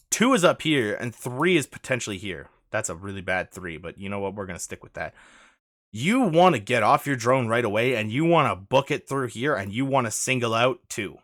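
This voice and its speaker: Lively, bright-voiced male gaming coach. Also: mid-range voice, no room sound, clean studio sound. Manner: urgent, repeats instructions, pleads with the player. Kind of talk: coaching commentary over gameplay footage.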